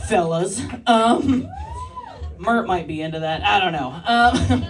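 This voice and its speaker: A woman's voice: medium pitch, expressive, takes it slowly, recorded from a distance, soft background music. A woman in her thirties doing a stand-up comedy set, working the crowd with brash, crude banter and frequent laughter. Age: 30s. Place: live club stage with audience.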